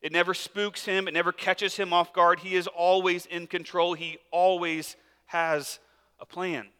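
A man gives a sermon in a relaxed, chatty way, his voice bright and forward and a bit higher than most. It rings out with a long echo in a large church hall. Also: a little slow, clean tone. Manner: casual, conversational preaching with many fillers. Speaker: pastor.

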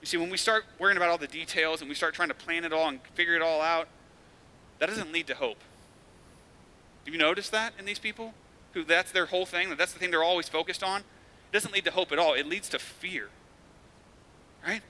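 Earnest bright-voiced male pastor preaching. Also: fairly high pitch, a little fast. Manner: earnest, conversational preaching with rising emphasis. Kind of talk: sermon. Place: church.

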